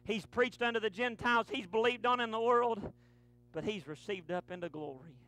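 A man, preaching a fervent sermon to his church, punctuating lines with breathy "uh"s. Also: high-pitched, moderate pace. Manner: fervent preaching with rising, shouted runs and many "uh" breaths. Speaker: pastor. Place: church sanctuary.

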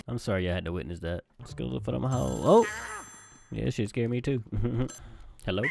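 A young man giving casual let's-play commentary, bantering loudly with slang and swearing as he plays. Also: mid-range voice, very animated, fairly quick, gravelly. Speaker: gamer commentator. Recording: game music behind.

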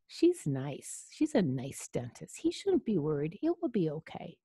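A woman reading a children's picture book aloud, gently explaining the story to a young listener. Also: low voice, wildly swooping pitch, unhurried, hardly any pauses, husky, no echo, clean studio sound.

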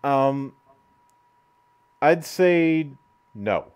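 A man's voice: medium pitch, lively intonation, drawn-out words, a little mellow, clean tone. A man hosting an interview over a video call, hesitant and full of fillers, swearing casually. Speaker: interview host.

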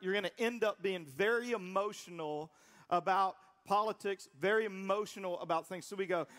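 Pastor guy with a high voice, preaching to the church, chatty and fired up, gets the crowd to answer back. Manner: animated, conversational preaching with call-and-response. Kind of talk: sermon. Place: church auditorium before a congregation.

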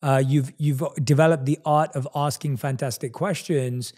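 A man's voice: mid-range voice, steady tone, normal speed, darkish tone, breathy edge. A man hosting a podcast, asking questions in an earnest, enthusiastic, affirming way. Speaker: podcast host. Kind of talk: conversational interview.

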